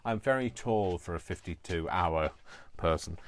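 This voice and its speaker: Fifties guy rambling thru a live craft stream at home, lowish voice, goofy little asides. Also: normal speed, dry recording. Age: 50s. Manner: rambling and chatty, with playful asides. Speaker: crafting vlogger. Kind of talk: live casual crafting chat. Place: home kitchen.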